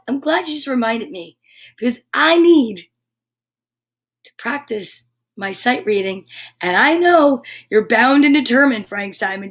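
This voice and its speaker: A woman hosting a live storytime stream, chatting in a bubbly, animated way straight to her viewers. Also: a little high. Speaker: host of a live storytime show.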